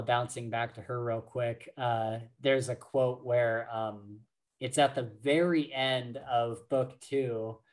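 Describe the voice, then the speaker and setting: A man co-hosting a book podcast in a loose, casual chat. He speaks slowly and unhurriedly at a mid pitch, leaning on fillers and breaking into laughs often. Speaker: podcast co-host.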